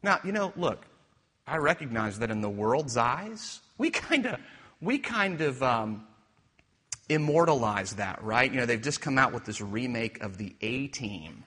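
A man preaching a sermon, using rhetorical questions and swinging from hushed to emphatic. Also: medium pitch, very animated, measured pace, breathy edge. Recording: reverberant hall.

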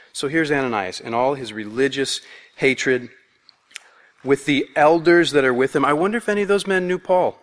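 Male pastor, chatty and playful preaching, mid pitch, echoey hall. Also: a bit bright. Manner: conversational, playful, acts out voices. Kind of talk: expository sermon. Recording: long hall reverb.

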